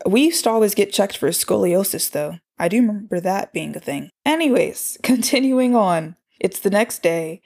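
A woman's voice: medium pitch, darkish tone. Chatty woman recapping a cartoon. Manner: chatty, exasperated asides. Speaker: show recapper. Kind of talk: casual recap and commentary.

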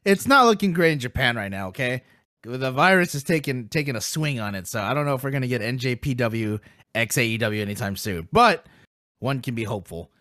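An excitable man rambles through a casual podcast chat, brash and playful, with food in his mouth now and then. His voice sits at an ordinary pitch. The recording is dry and close, with no room sound. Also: fairly quick, no room sound. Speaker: podcast host.

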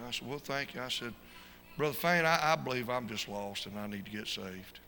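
A man preaching a fervent sermon as an evangelist, swinging from shouted peaks to quiet storytelling. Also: medium pitch, steady tone, a little fast. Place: church sanctuary. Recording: reverberant church hall with faint noise.

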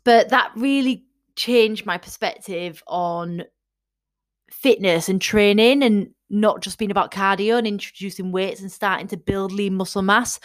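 A woman, chatty and enthusiastic, casually telling her personal fitness story to her followers. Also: medium pitch. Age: 30s. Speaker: fitness vlogger.

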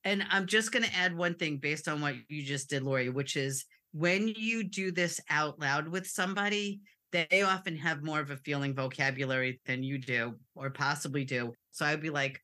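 A woman's voice: low-pitched, normal speed, hardly any pauses. A woman clinician explaining in a candid, personal way, in a casual talk. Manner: candid, personal, animated with laughs. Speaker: clinician and co-host.

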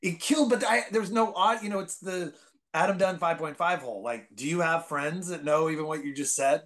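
A man from the Bay Area, a comedian guest, telling rambling stories full of fillers and bursting into loud, excited impressions. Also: fairly high pitch, fairly quick. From San Francisco Bay Area. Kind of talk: casual podcast storytelling.

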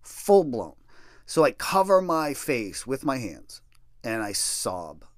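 A man's voice: mid-range voice, big pitch swings, slow, no room sound, clean studio sound. A middle-aged man telling a personal story in a casual, profane, self-deprecating way.

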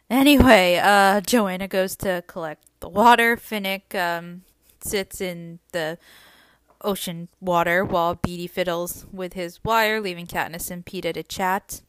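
A woman's voice: medium pitch, a bit bright, smooth, no room sound, studio quality. A woman hosting a book podcast, casually recapping chapters and reading passages aloud, with frequent ums and uhs. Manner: chatty, many ums and uhs.

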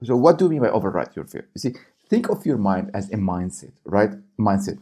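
A man's voice: on the low side, big pitch swings, fairly quick, mellow, husky. A man giving coaching advice to camera in a vlog, often checking in with his viewers. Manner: coaching, keeps checking in with "okay?" and "right?". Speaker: small business YouTuber.

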